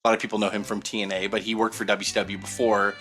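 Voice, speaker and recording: A man co-hosting a podcast, telling long casual anecdotes with lots of fillers and animated retellings of what others said. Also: fairly low pitch, fast, faint music behind. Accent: Southern Californian. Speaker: podcast co-host. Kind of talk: casual storytelling.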